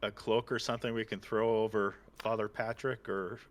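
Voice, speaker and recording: A man's voice: lowish voice, flat delivery, moderate pace. A man playing a tabletop game, asking practical questions. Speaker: player.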